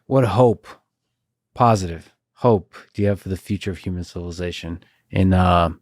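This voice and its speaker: A man as a podcast host, asking questions in a measured, earnest way. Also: low voice, a little mellow, no room sound, studio quality. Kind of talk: casual conversation.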